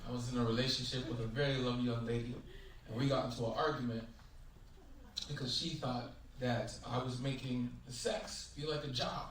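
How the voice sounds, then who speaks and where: A man performing a stand-up comedy set on stage, animated, acting out voices and shouting his punchlines. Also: medium pitch, a little fast, recorded from a distance. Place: large hotel ballroom, stage. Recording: loud echoey ballroom, heavy noise.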